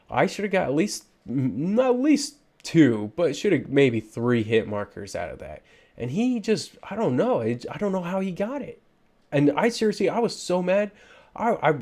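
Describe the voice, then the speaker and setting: A man's voice: mid-range voice, a little mellow, slight background noise. A man giving frustrated, ranting commentary over gameplay footage, with lots of fillers and restarts. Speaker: gaming YouTuber.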